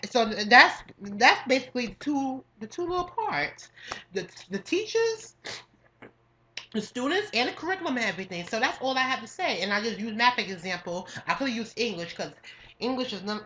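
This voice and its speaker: A woman's voice: medium pitch, bright, forceful tone, slight background noise. A young woman from New York State, cohosting a podcast, rants in a casual monologue, profane and emphatic, repeating herself and using slang. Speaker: podcast co-host.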